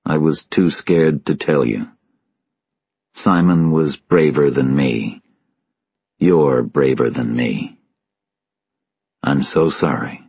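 Man voicing a subdued, grieving officer in a storybook reading: very deep, slow and husky. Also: dry recording, lo-fi sound, full character voice. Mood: somber. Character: weary, grieving male officer, steady and quiet.

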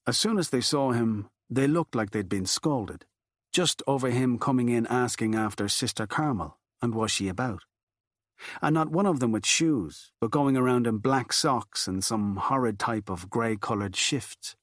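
A man's voice: mid-range voice, no echo. Man narrating an audiobook, dry sound. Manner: steady, measured. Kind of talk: scripted narration.

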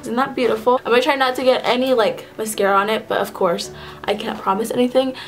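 A woman's voice: a little high, fairly even intonation, fast, rough recording. Chatty young woman doing a makeup tutorial. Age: young adult. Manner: chatty, often correcting herself mid-phrase. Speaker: beauty vlogger.

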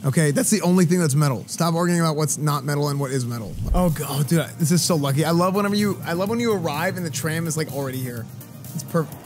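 A man streaming a game live, chatting excitedly with his viewers as he plays. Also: a little high, quick pace, music in the background. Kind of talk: live gameplay commentary.

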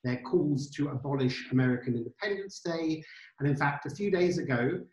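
A man's voice: on the high side, fairly quick, a little mellow. A man hosting an interview over a video call, friendly, with a few stammered restarts. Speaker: interview host. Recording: roomy video call audio.

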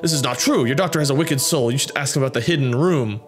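A young man casually commenting on a game, reading its text aloud and reacting with wry asides. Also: medium pitch. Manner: chatty, wry, bouncing between reading and quick reactions. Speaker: gameplay commentator. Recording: game music playing behind the voice.

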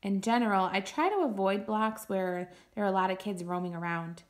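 Woman teacher, class read-aloud, steady expressive narration, mid-pitched voice. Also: a little fast. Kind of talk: reading a novel aloud to a class.

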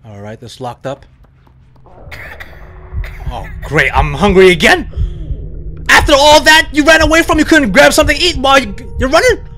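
A man playing a horror game on video, commenting excitedly, yelling and swearing at the scares and talking to his viewers. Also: very high-pitched, normal speed, pauses often, slight background noise. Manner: loud exclamations and swearing, laughs often; addresses viewers as psychos. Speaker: let's play gamer.

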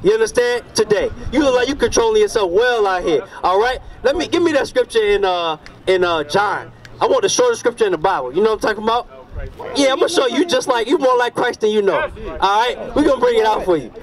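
High-voiced man preaching on a street. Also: lively intonation, fast talker. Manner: emphatic, repeats "you understand" and "all right". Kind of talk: outdoor street sermon. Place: city street outdoors. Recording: distant outdoor street recording.

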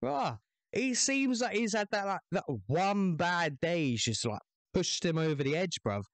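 A man's voice: high voice, expressive, a little slow, no echo. A young man hosting a reaction video, chatting casually with slangy banter and swearing.

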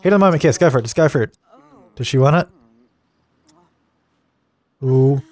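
A man's voice: a little high, expressive, rapid-fire, a little mellow. A young man casually commenting on a life-sim game while he plays, chatty and easily exasperated, laughing at its mishaps. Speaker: let's play gamer.

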